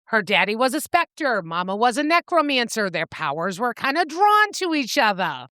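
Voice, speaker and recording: A woman's voice: fairly high pitch, moderate pace, no room sound, clean studio sound. A woman co-hosting a book podcast, recapping a novel in casual chat, swearing freely as she goes. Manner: animated, swears freely, acts out characters' lines.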